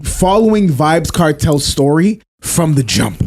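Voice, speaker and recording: A man co-hosting a podcast in loose, casual chat. His voice sits a little high for a man, and he tells stories with lots of slang and frequent laughter. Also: measured pace. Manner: animated storyteller, laughs often, slangy. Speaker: podcast co-host.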